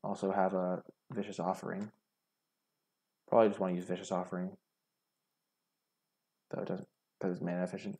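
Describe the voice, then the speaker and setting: A young man with a very low, gravelly voice that has a husky edge, chatting casually through his own card game. He thinks aloud and picks apart his own plays as he goes. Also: little pitch movement, brisk, long pauses, warm tone. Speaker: gaming streamer. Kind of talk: casual gameplay commentary.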